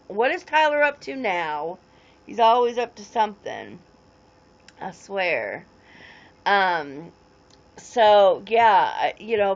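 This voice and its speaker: A woman's voice: mid-range voice, dull audio. A woman in her forties rambling casually on a livestream, greeting viewers and answering their comments as they come in. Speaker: livestream host.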